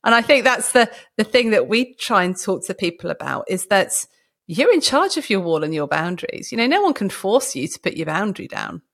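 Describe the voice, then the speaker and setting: A woman's voice: mid-range voice, very animated, brisk. A middle-aged woman, a doctor co-hosting a podcast, chatting in a casual, self-deprecating way and laughing often. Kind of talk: casual conversation.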